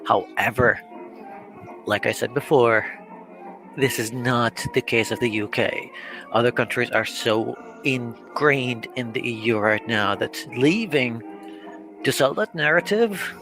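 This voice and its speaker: A man's voice: mid-range voice, unhurried. A man from Turkey on a casual stream chat, making long, earnest arguments. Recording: faint music behind.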